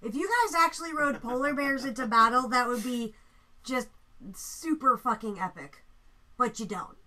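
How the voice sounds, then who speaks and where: A young woman hosting a live painting stream, chatting casually while she works, joking, swearing freely and mimicking people in quick asides. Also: a little high, sharp tone.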